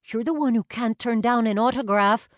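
A woman's voice: fairly high pitch, moderate pace, dry recording, studio quality, voice pushed up, close to an everyday voice. A woman reading an audiobook and voicing a cocky young male dancer who boasts and teases his brother. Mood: teasing. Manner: teasing, boastful.

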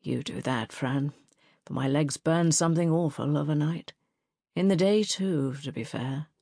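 A woman's voice: sits low, a little slow, vocal fry, warm tone, no room sound, clean studio sound, full character voice. A woman voicing a frail, stern old headmistress with a quavery voice, in an audiobook.

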